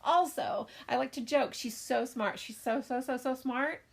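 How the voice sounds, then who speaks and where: Gravelly-voiced mother telling a story. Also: high-pitched, moderate pace. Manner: animated storyteller, acts out voices and laughs often. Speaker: podcast co-host, mother. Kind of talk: casual storytelling chat.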